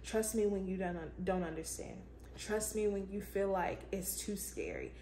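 A woman's voice: mid-range voice, animated, a little slow, dark tone. A woman hosting her own vlog, reflecting on faith in a casual, emphatic way and breaking into exclamations of praise. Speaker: vlogger, show host. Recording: echoey room with faint ambient noise.

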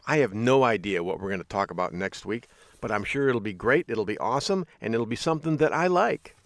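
A man's voice: lowish voice, animated, a little fast, no room sound, clean studio sound. A middle-aged American man hosting a show, telling folksy stories in a casual monologue and acting out the people he quotes. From United States. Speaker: podcast host.

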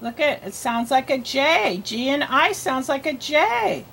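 A woman reading teacher gives a slow phonics lesson to young children, patiently sounding out letters and repeating each word. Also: high voice, lively intonation, vocal fry, fairly bright tone, a little hiss or hum.

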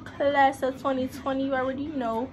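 A teenage girl chatting casually to her viewers in a vlog, her voice hoarse and worn from cheering and a little out of breath. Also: high-pitched, flat delivery, moderate pace, background noise. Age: late teens. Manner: chatty, talks straight to viewers. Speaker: vlogger.

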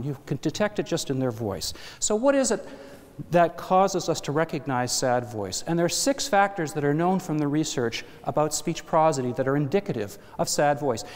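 A man's voice: fairly high pitch, sing-song, fairly quick, darkish tone. A man giving an academic lecture to an audience, explaining step by step with asides and self-corrections. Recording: hall reverb.

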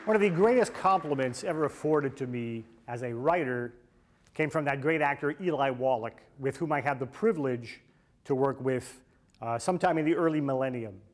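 Man, from Canada, guest writer, lively anecdotes, acts out quoted voices. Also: medium pitch, normal speed, a faint crowd. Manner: animated storyteller, acts out quoted dialogue. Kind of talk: anecdotal storytelling.

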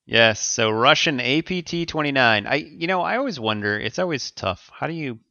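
A man's voice: mid-range voice, animated, moderate pace, pushed and bright, no room sound, highs cut off. A man co-hosting a podcast, explaining security news casually with fillers and easy laughs. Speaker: podcast co-host.

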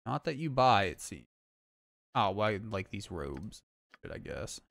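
A young man streaming a video game from home, chatting casually with a relaxed, sweary manner and lots of fillers. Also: on the low side, measured pace, vocal fry, no room sound. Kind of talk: casual gameplay chat.

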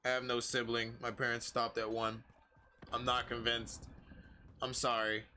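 A man's voice: mid-range voice, monotone, unhurried, pushed and bright, a little hiss or hum. A man streaming a shooter game, chatting casually with viewers and yelping when startled. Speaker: livestreamer. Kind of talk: casual gameplay commentary.

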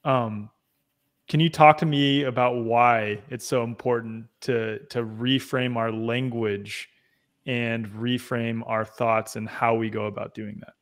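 Male interview host, mid-pitched voice, thoughtful and searching as he frames questions. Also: fairly even intonation, slow pace. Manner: thoughtful, hesitant, restarts while framing questions. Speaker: podcast host.

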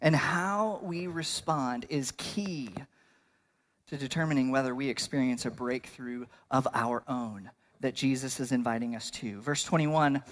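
A man's voice: medium pitch, measured pace. A male pastor delivering a sermon in a conversational style, building to bursts of emphasis.

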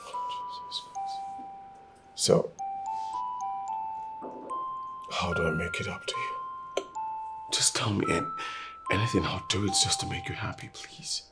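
A man with a Nigerian accent playing an anxious pastor husband who stammers, apologises and begs his wife to calm down. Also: deep voice, a little slow, pauses often, loud music behind the voice. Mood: nervous. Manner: stammering, begging.

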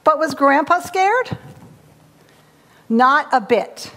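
A woman leading a children's story time in church, reading aloud in a bright, animated way while sitting on the steps. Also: sits high, takes it slowly. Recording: long church hall reverb.

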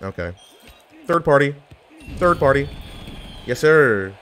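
A man's voice: mid-range voice, measured pace, long pauses. A man giving casual gameplay commentary, joking and trash-talking opponents. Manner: trash-talking, jokey, excitable outbursts. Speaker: gaming YouTuber.

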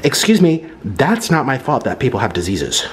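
A man's voice: medium pitch, wildly swooping pitch, normal speed, far from the mic. A man vlogging at home while eating, talking in a dramatic, whiny way as he bickers with his partner. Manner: dramatic, whiny, shrieks when hit. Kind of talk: mukbang vlog with staged bickering. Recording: echoey room with clear background noise.

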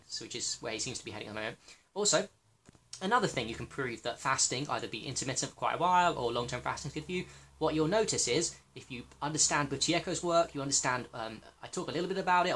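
A man rants straight to his viewers in a blunt, animated way, swearing freely as he goes. His voice is bright and forceful, with a sharp edge. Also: mid-range voice. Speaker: health channel host. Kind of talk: casual monologue.

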